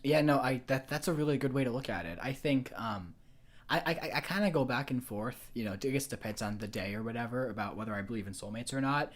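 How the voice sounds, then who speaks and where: A man's voice: mid-range voice, fast. A man co-hosting a podcast in casual film-discussion chat, rambling and hesitant, circling back on his own words. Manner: rambling, hesitant, lots of fillers and restarts. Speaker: podcast co-host.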